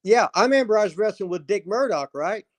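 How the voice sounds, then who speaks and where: Older ex-wrestler guest, slightly high voice, rambling, laughing, salty. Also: male voice, lively intonation, fast talker. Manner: rambling, laughs often, swears. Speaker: former pro wrestler, guest. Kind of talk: casual storytelling chat.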